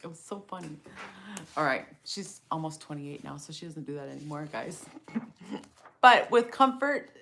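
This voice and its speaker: A middle-aged woman co-hosting a casual live talk about donkey training, chatty and quick to laugh. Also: low voice, lively intonation, vocal fry, a little hiss or hum. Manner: warm, chatty, laughs often.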